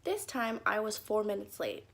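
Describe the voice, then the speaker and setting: A woman's voice: mid-range voice, sing-song, moderate pace, creaky. A young woman telling embarrassing stories from her childhood in a casual vlog, with lots of "like" fillers and acted-out quotes. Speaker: YouTuber. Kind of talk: story time vlog.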